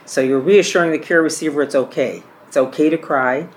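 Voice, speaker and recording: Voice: medium pitch, brisk, a little hiss or hum. A trainer teaching a caregiving class from a course book, reading examples aloud and often repeating or correcting their own words.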